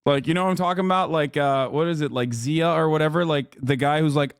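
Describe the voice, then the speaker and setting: Male streamer, fairly high voice, sarcastic and profane, dry close sound. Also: quick pace, few pauses, clear, resonant tone, dry recording. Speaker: streamer reacting to a video. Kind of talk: livestream reaction commentary.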